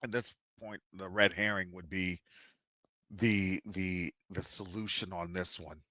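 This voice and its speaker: Bright-voiced man giving political commentary. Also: deep voice, fairly even intonation, a little slow, no room sound. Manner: rhetorical, repeats questions, drops into asides. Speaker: show host.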